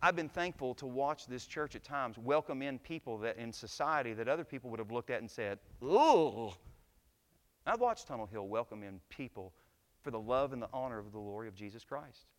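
A man preaching a sermon to his church, telling stories and building to loud, impassioned climaxes. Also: mid-range voice, brisk, in a large hall. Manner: preaching, swells to shouts at climaxes. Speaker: pastor. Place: church sanctuary.

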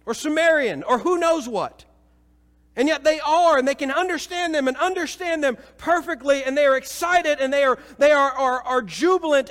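A pastor from Missouri, married with children, preaching a sermon in a church, moving between lively storytelling and low, solemn appeals. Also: male voice. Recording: reverberant church hall.

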